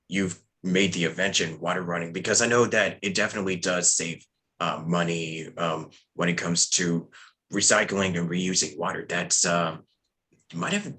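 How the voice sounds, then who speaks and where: A man with a very low but bright, forward voice hosts an interview over a video call. He asks long, halting questions padded with ums and restarts. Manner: hesitant, filler-heavy questions. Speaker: podcast host.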